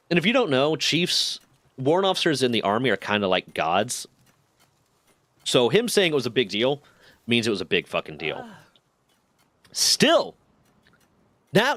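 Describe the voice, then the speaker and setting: Man, casual storyteller, swears a lot, mid pitch, dry close sound. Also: dry recording. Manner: profane, animated retelling with quoted dialogue. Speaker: streamer.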